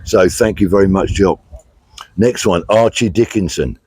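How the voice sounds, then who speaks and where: A middle-aged British man's low voice, darkish with a breathy edge, comes at normal speed in a dry recording. He hosts a casual vlog on a country walk for charity, chatting plainly with many fillers and reading out thank-yous to donors.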